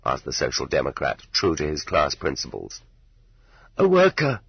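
A man narrates an audiobook in a deep, slightly husky voice, reading in a measured, even way. The sound is dry and close, with no room around it. The tape is dull and lo-fi. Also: no room sound.

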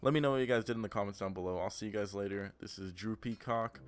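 A man's voice: lowish voice, fast talker. A young man giving profane, ranting gameplay commentary as a gaming channel host. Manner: profane, ranting, trash-talking.

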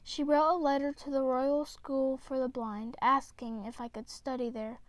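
A woman reading a children's picture book aloud, with gentle, expressive storytelling. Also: high-pitched, normal speed, no room sound. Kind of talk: read-aloud storybook narration.

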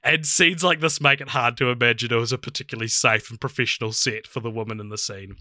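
A young man co-hosting a casual film review podcast, chatty and laughing often, with halting restarts. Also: mid-range voice, bright, forceful tone, no echo, studio quality. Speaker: podcast co-host.

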